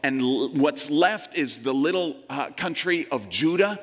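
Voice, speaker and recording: An earnest male pastor preaching a sermon, his voice sitting a little higher than most men's. He slows down and sinks low on the scripture lines, then lifts for emphasis. A long reverb trails after his words in a large room. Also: lively intonation.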